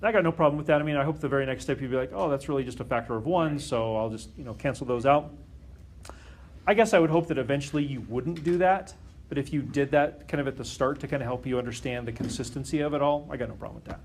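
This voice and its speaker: A man's voice: medium pitch, quick pace. A man teaching a calculus lesson to a class, often stopping to question the students and check that they follow. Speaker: math teacher.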